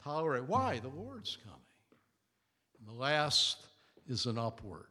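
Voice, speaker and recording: A man preaching a sermon in an animated way. He repeats key words for emphasis and chuckles often. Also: mid-range voice, measured pace, husky. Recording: long reverb of a large hall.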